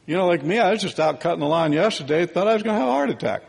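A man teaching a sermon in a relaxed, conversational way, often checking in with "right?" and "okay?". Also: high-pitched, racing, gravelly, in a large hall, slight background noise.

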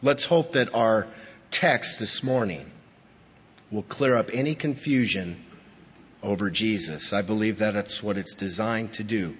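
A man preaching a sermon as pastor, emphatic, rising to stress key points and then dropping low. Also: unhurried, husky. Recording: dull, lo-fi recording with long hall reverb.

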